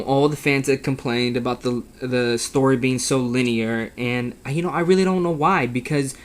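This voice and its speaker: A man giving a casual, opinionated game review, rambling and exasperated, with frequent restarts. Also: medium pitch.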